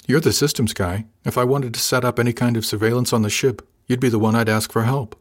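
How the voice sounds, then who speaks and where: A man reading the part of a blunt, sardonic woman officer, speaking flatly and a little higher than his own voice. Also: quick pace, lightly acted.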